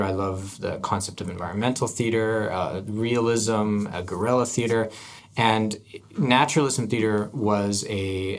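A man hosting an arts podcast, chatting casually and thinking aloud with frequent restarts. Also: on the low side. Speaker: podcast host. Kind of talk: casual chat.

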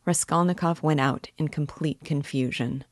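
Low-voiced woman narrating a classic novel. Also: normal speed, no echo, clean studio sound. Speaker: literature teacher and reader.

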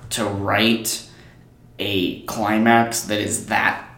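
A man with a fairly low voice talks about films with real enthusiasm, walking through favorite scenes in a relaxed conversational way. The sound is roomy, with a noticeable echo around him. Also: extremely slow. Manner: enthusiastic, retells scenes with acted quotes and laughs. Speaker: podcast co-host. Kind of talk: casual movie discussion.

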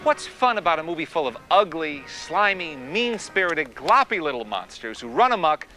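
An actor playing a snooty male TV film critic who sneers and then yells in alarm, in a film scene. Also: on the high side, sing-song, normal speed. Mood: sneering. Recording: film soundtrack with faint music.

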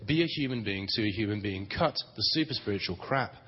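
A man's voice: lowish voice, lively intonation, a little fast, husky. A man giving a plain, conversational teaching talk on prayer at a Christian conference, with dry humor. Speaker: conference speaker on prayer ministry. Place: large conference hall. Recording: dull, reverberant hall recording.

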